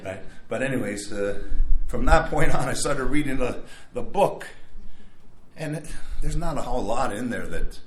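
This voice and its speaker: A man's voice: mid-range voice, expressive, moderate pace, a little hiss or hum. Rambling older man in an echoey room. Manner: rambling, self-interrupting, wry asides. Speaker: speaker at a recovery meeting. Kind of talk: casual storytelling talk. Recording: echoey room, faint background.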